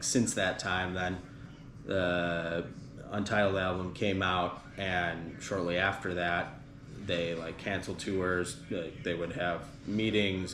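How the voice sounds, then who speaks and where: A deep-voiced man chats on a podcast and drifts through a long story full of ums and likes. The room is echoey, with a clear layer of background noise under him. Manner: rambling, many fillers, retelling band history. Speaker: podcast host. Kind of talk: casual podcast chat.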